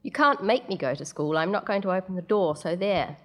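A woman reading a story, voicing a stubborn six-year-old girl in a piping, shrill voice. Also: lively intonation, fairly quick. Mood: defiant.

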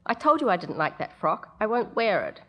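A woman reading a story, voicing a stubborn six-year-old girl in a piping, shrill voice. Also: wildly swooping pitch, a little fast, husky, lo-fi sound. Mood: defiant.

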